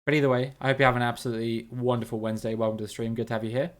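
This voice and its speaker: Racing through a live geography guessing game, a male streamer thinks out loud in a chatty, relaxed manner and calls out chat members by name. His mid-range voice has a flat delivery.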